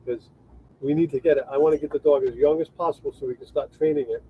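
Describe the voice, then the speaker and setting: A man rambling through a casual livestream chat, his voice a touch high. The sound is thin and phone-like, with a faint hiss under it. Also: steady tone, quick pace. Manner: rambling, restarts sentences, thanks viewers. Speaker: co-host of a travel livestream.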